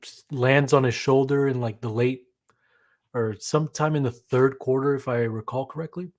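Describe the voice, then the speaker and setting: A man co-hosting a casual sports chat, subdued and glum, pausing often with ums. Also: mid-range voice, fairly even intonation. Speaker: podcast co-host.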